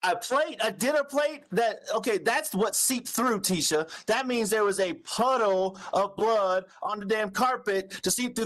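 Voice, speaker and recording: A man's voice: sits high, fairly bright tone. A middle-aged man on a phone call, angrily accusing a woman of lying, repeating himself and swearing. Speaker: father of the missing boy. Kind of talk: heated phone confrontation.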